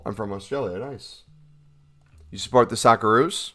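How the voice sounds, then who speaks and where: Chatting casually on a livestream, a young American man reads chat questions aloud and answers them jokingly. His voice sits on the low side, pushed and bright, at a moderate pace.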